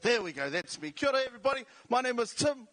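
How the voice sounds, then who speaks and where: A man with a South Auckland accent tells stories on stage with a jokey, self-deprecating manner. His voice sits fairly high for a man. The mic sound is close and dry. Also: sing-song, quick pace, a bit bright, no echo. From New Zealand. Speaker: comedian and radio host. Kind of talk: stand-up style talk. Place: large indoor venue.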